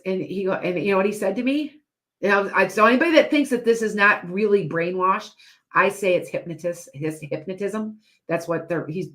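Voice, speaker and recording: A woman's voice: mid-range voice, fairly bright tone. A woman hosting a live stream as a psychic and hypnotist, chatting to viewers in a rambling way with lots of restarts and asides.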